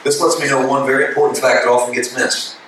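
A man preaching a sermon, building from calm teaching to shouted, passionate preaching. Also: mid-range voice, fast, slight background noise. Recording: echoey hall from a distance.

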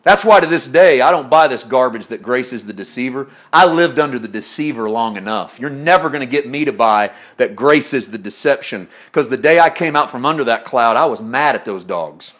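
A man preaching a sermon, swinging from loud exclaiming to hushed, intimate tones, often laughing as he talks. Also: mid-range voice, lively intonation, fairly quick, hardly any pauses.

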